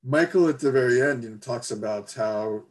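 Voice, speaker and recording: A man giving an academic talk, measured and reflective, reading excerpts aloud with occasional fillers. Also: medium pitch. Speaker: lecturer.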